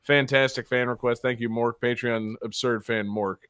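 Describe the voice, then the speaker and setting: Male podcast host, casual chat, joking, swears a lot, bright tone, dry close sound. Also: medium pitch, fairly even intonation, normal speed, smooth, no echo. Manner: joking, loose, swears freely.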